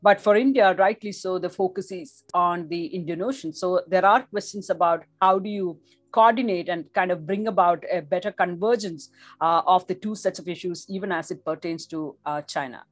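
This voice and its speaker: A woman delivering a formal policy talk in a measured way, now and then restarting a word. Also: on the low side, no room sound. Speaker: policy analyst.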